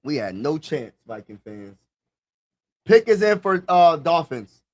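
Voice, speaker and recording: Speaking straight to his viewers during a live draft reaction stream, a young man is casual and excited and tends to repeat himself. His pitch is fairly high and he is unhurried.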